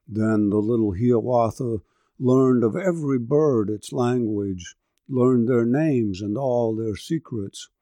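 A man narrating a long narrative poem in a measured, rhythmic verse delivery. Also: medium pitch, mellow, dry recording. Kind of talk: narrative poetry reading.

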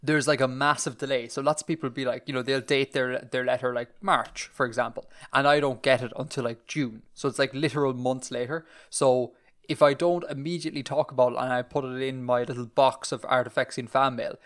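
A man's voice: mid-range voice, fairly even intonation, fairly quick, fairly bright tone. A man with an Irish accent co-hosting a podcast, rambling and self-deprecating as he chats. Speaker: podcast co-host. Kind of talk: casual chat.

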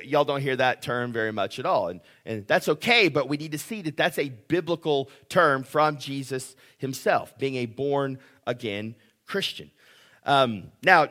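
A man's voice: on the high side, fairly bright tone. A man preaching a sermon in a conversational way, often restarting phrases and asking "right?". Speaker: pastor.

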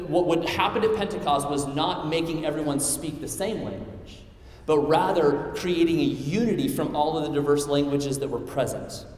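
A young man from the American Midwest with a Midwestern accent, preaching a sermon as pastor in an earnest, conversational way. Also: on the high side. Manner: earnest, conversational, animated when telling stories. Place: church sanctuary. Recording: echoey hall, mic at a distance.

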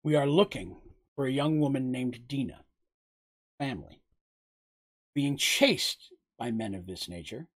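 A man's voice: mid-range voice, unhurried, long pauses, close to an everyday voice. A man voicing an intense young warrior who talks bluntly and protectively. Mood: earnest. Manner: blunt and forceful.

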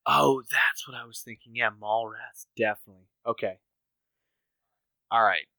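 A man's voice: medium pitch, fairly even intonation, moderate pace, vocal fry, sharp tone, no echo. Profane, laughing man chatting over beers. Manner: profane, laughing, rambling with fillers. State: drinking beer. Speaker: podcast co-host. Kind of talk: casual chat, movie talk.

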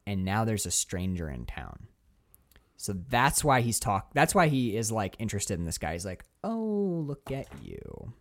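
A man co-hosting a casual movie discussion, excitable and swearing freely. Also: fairly low pitch, normal speed. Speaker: podcast co-host.

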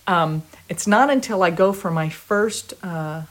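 A woman guest in an interview, telling a story in a lively way, often laughing and restarting her sentences. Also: lowish voice, a little slow. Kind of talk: conversational storytelling.

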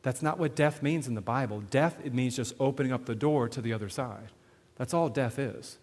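Guy preaching to a crowd, keeps asking "okay?", big echoey hall, middle pitch. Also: a little fast. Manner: animated, questions to the crowd, repeats "okay?". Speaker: evangelism speaker. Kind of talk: sermon-style teaching to an audience. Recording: long hall reverb.

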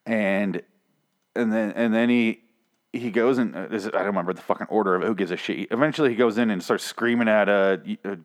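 A man's voice: on the low side, quick pace. A man hosting a TV review show, ranting in a casual, exasperated way, swearing often and restarting his sentences. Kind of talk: casual profane rant.

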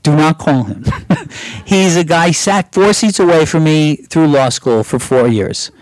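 A man's voice: on the high side, measured pace, dry recording, poor audio. A middle-aged man from Brooklyn, telling candid stories as a guest in an interview, acting out the voices he quotes. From Brooklyn, New York. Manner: animated storyteller, acts out quoted voices, swears casually. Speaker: guest screenwriter.

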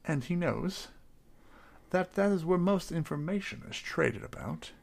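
A man's voice: on the high side, animated, unhurried, gravelly. A man playing his character in a tabletop game, hesitant and fussily polite, stammering often. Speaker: player.

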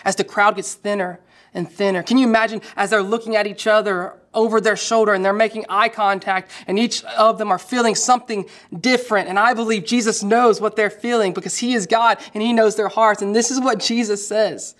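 A woman preaching a sermon, retelling a Bible story with lively quoted voices and direct questions to the listeners. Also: mid-range voice, brisk.

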